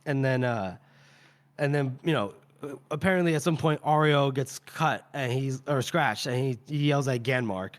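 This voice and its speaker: A man co-hosting a podcast who retells a book chapter in a rambling, animated way, swearing casually and filling pauses with "uh" and "you know". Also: medium pitch. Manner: rambling, animated, profane, with many fillers. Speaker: podcast co-host.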